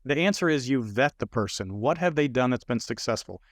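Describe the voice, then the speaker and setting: An older man on a podcast, animated as he tells stories and plays the people in them. He has a mid-range voice, and the recording is close and dry with no room sound. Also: mid-range voice, a little fast, no echo. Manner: animated storyteller acting out dialogue. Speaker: business consultant guest. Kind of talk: storytelling in a podcast interview.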